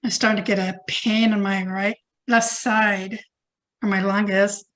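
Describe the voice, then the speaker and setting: A woman channeler gives a slow, chanted blessing in light language. Her voice sits at a middle pitch. She moves at an unhurried, gentle pace. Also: flat delivery.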